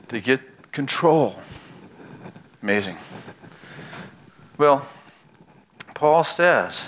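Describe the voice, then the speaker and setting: A man preaching a sermon who tells stories dramatically, drops into hushed low lines, then rises into raised outbursts, and puts questions straight to the audience. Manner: asks the audience direct questions.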